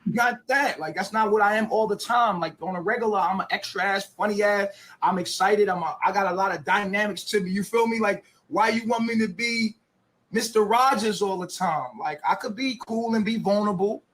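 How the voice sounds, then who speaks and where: A man in a heated, profane and boastful rant, talking loudly. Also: high-pitched, fairly quick. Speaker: clip subject.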